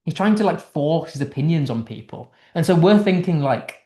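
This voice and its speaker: A man's voice: a little high, expressive, normal speed, mellow, reverberant. A man teaching English literature in a casual online lesson, explaining a text line by line in a chatty way with restarts, from the United Kingdom.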